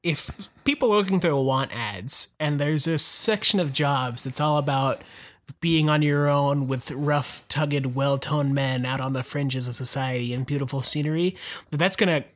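A man co-hosting a podcast, chiming in with teasing, quick wisecracks. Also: a little high. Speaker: podcast co-host. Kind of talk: casual comedic chat.

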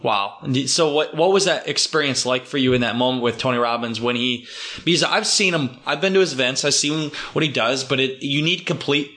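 A man's voice: mid-range voice, a little fast, sharp tone. A man hosting a podcast, chatting casually and eagerly, asking follow-up questions. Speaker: podcast host. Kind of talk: casual interview chat.

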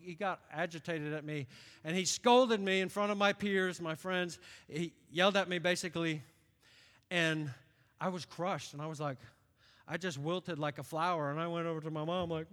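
A man in his late fifties from upstate New York, preaching a sermon in an animated storytelling way. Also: a little high. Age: late 50s. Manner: animated storytelling, acts out quoted voices. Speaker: pastor. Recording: long reverb of a large hall.

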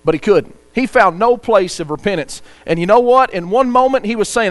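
A man's voice: high-pitched, brisk, few pauses. A man preaching a sermon, earnest, reading scripture aloud and telling a story to the congregation.

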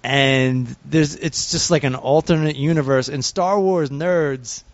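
A man hosting a podcast in casual banter, animated and laughing often, swearing freely. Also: a little high, unhurried, no echo, muffled recording. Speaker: podcast host.

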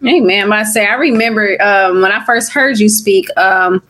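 A woman hosts a relaxed faith interview at a middling pitch. She affirms her guest warmly and gets animated when she recalls past moments. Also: normal speed. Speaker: interview host.

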